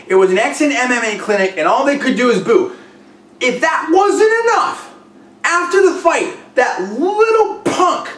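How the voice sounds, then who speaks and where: Vlog host, male, high voice, rambling excitable fight rant, distant mic in a roomy space. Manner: rambling, excitable, trash-talking. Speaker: video blog host. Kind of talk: casual fight commentary rant. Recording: echoey room, far from mic.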